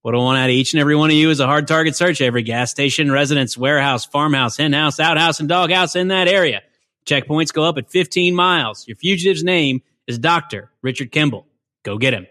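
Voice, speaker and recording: A man doing an impression of a gruff lawman briefing a manhunt, loud and rapid. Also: fairly high pitch. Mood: commanding.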